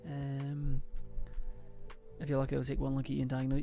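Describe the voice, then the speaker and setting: A man's voice: mid-range voice, monotone, normal speed, gravelly, warm tone, faint music behind. A young man, chatting casually to his stream in a rambling, hesitant way full of fillers and swearing.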